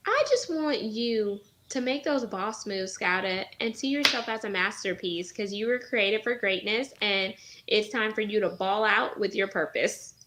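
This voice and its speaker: Bright upbeat woman guest. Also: medium pitch, unhurried, a little hiss or hum. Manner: upbeat and encouraging, motivational phrasing. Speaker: podcast guest. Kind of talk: casual chat.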